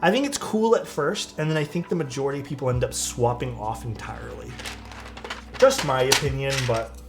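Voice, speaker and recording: A man's voice: medium pitch, brisk. A young man talks casually on a live stream, answering chat as he works with his hands. His talk is loose and friendly, full of likes and restarts. Faint music plays underneath. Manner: chatty, answers chat while working, loose filler-heavy talk. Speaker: streamer building keyboards.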